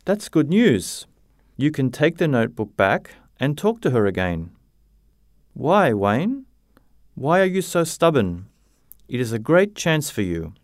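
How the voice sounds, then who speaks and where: A man's voice: mid-range voice, big pitch swings, a little slow, dry recording, clean studio sound, pitched above the performer's own voice. A man voicing a loyal, coaxing teenage boy friend in a read-aloud storybook. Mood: teasing. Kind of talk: graded-reader story narration.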